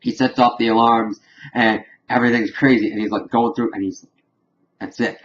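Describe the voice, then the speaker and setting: A man recapping a TV episode in a loose, rambling way, filling every pause with "like". His voice sits at an ordinary middle pitch. The recording is slightly dull and lo-fi. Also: steady tone, a little hiss or hum. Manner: rambling, heavy use of "like". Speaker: TV episode reviewer. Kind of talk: casual spoken episode recap.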